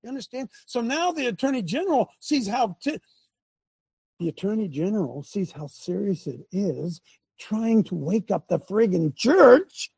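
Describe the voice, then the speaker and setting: Gravelly, excitable male talk show host. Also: very high-pitched, normal speed, dry recording. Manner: excitable, rambling, shouting asides. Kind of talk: fiery political and religious commentary.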